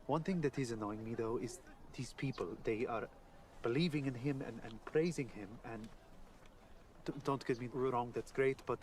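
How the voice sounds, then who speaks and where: A man's voice: mid-range voice, normal speed, slight background noise, close to an everyday voice. An actor playing a tired young male disciple in a series clip, speaking with a Hebrew-style accent in a dry, complaining manner. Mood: weary. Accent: Hebrew-style stage accent.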